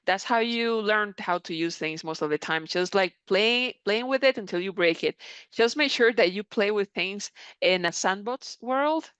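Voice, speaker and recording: A woman mentor presenting a live software tutorial, reading viewer comments aloud and answering them in a conversational, encouraging way. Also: mid-range voice, moderate pace, smooth, dry recording. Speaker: creator program mentor presenting a live session. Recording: slightly dull, dry audio.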